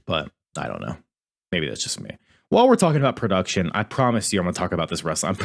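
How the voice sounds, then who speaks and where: A man talking into a podcast microphone in a loose, rambling review chat. His voice sits at a plain middle pitch, and he swears casually and often stops to restart his sentences. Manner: rambling, profane, self-interrupting. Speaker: podcast host.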